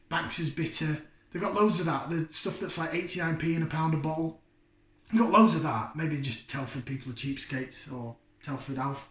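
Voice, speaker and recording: Chatty beer vlogger, rambling, self-mocking, slightly higher voice, roomy echo. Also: male voice. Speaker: beer reviewer. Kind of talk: casual chat to camera.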